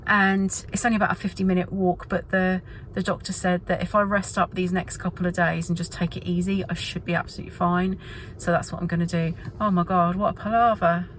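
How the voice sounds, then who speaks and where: A middle-aged woman with an English accent, chatting excitably in a casual vlog. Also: fairly low pitch, fairly quick, a little hiss or hum. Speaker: vlogger.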